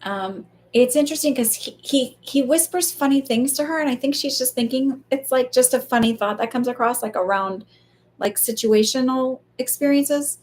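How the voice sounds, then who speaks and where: A woman's voice: sits high, normal speed, darkish tone. A woman speaking as a psychic medium in a casual live reading, chatty and loose, full of fillers and the odd swear.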